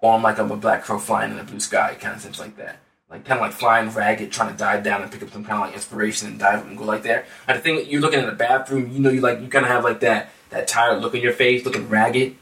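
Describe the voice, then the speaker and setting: A man's voice: medium pitch, steady tone, quick pace, bright, forceful tone, echoey room, recorded from a distance. A man talks through songs in a loose, rambling way, his words full of fillers and restarts. He sits a little back from the mic, and the room around him rings. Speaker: podcast co-host. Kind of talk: casual music chat.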